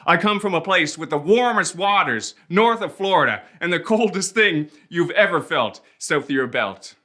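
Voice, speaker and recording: Bright, lively Prince Edward Island man. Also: on the high side, normal speed. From Prince Edward Island, Canada. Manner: playful, rhythmic, theatrical delivery. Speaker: spoken-word performer. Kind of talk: comic spoken-word monologue.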